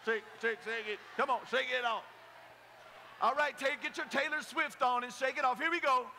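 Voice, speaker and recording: A man preaching an energetic youth sermon, joking with the crowd and leading call-and-response. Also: very high voice, moderate pace, creaky, a little hiss or hum. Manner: playful, joking, rallying the crowd. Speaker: pastor. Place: large hall at a youth camp. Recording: echoey hall.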